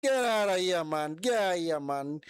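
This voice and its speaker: A man's voice: sits high, expressive, moderate pace, clear, resonant tone, no echo, studio quality. A young man hosting a live football watch-along, mocking and scolding the players in a long rant. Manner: mimics players in whiny put-on voices.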